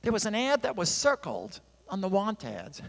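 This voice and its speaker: A man tells a story to a church congregation, his voice pitched high and swinging freely up and down. His casual sermon storytelling carries a long reverb from the large sanctuary. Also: huge pitch swings, normal speed, creaky. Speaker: songwriter and guest speaker.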